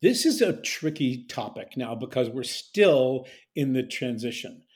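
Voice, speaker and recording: Mellow-voiced man, animated storyteller. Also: mid-range voice, a little slow. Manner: animated storyteller, acts out quotes. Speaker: dialect coach. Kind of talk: conversational interview.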